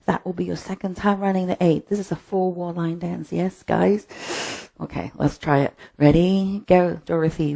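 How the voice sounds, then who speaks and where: A woman's voice: on the low side, steady tone, normal speed, gravelly, warm tone. A woman leading a live-streamed line dance class from home, chatting with viewers and calling out step counts. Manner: chatty, counts steps aloud.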